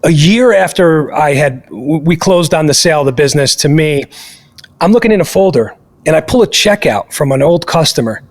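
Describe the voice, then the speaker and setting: A man with a high, gravelly voice hosts a podcast and tells a story casually. He talks in an animated, emphatic way and swears freely. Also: brisk. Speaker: podcast host.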